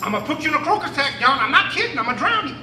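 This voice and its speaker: A man playing a smug, stern master in a live storytelling performance, scolding and commanding. His voice is high and bright even when lowered. A roomy echo and distance color the sound. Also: very fast, a little hiss or hum, heavily acted. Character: stern male slave master, self-satisfied. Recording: echoey room from a distance.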